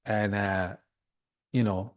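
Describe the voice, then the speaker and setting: Slow and steady, a lowish male voice carries a non-American podcast host in his thirties through an emphatic, profanity-laden rant on his solo show.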